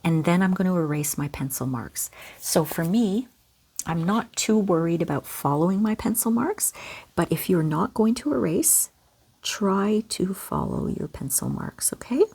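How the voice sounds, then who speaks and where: A gentle, encouraging woman from Canada, talking kids through a step-by-step drawing lesson in a soft voice. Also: on the low side, lively intonation, measured pace, vocal fry, slightly rough. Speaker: children's art teacher.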